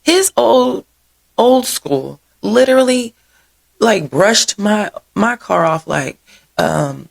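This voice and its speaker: A woman's voice: mid-range voice, very animated, takes it slowly, gravelly. A woman hosting a local events show, chatting casually through upcoming happenings with rambling side stories, frequent laughs and plenty of "y'all". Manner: rambling, digressive storytelling; says "y'all" often.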